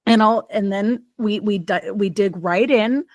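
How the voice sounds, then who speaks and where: A woman speaking as a guest in casual conversation, expressive and quick to laugh, sharing her experience as a child behavior specialist. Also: medium pitch, dry recording. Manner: lively, expressive, laughs easily.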